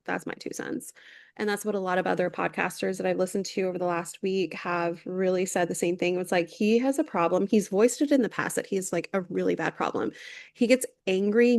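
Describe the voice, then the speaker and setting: A woman's voice: medium pitch, dry recording. Woman podcast co-host, 30s, gossipy casual recap, dry close sound. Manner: chatty gossip recap, lots of "like" fillers. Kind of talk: casual chat.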